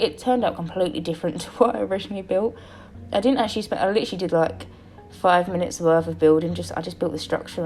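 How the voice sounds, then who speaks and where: A tired woman with a slightly croaky voice, talking in a rambly, chatty way over her own game build video. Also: lowish voice, mellow. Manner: rambly, chatty, lots of fillers. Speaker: video creator narrating a build. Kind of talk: casual voice-over commentary.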